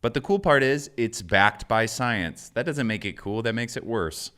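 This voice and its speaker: A man co-hosting a podcast in casual comedic chat, deadpan and teasing, reading listener emails aloud. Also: mid-range voice, normal speed, clear, resonant tone. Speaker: podcast co-host.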